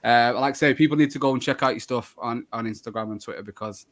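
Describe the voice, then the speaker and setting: A man hosts a relaxed live show, talking in a friendly, rambling way. His voice sits at a middle pitch, and he fills gaps with ums and restarts. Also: quick pace. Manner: chatty, friendly, many fillers and restarts. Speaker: podcast host. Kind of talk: casual live show chat.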